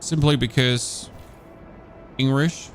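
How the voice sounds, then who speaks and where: A man's voice: medium pitch, fairly even intonation, slow, a little hiss or hum. A man from Germany with a German accent, commentating casually on a game he is streaming, thinking aloud and talking to his chat.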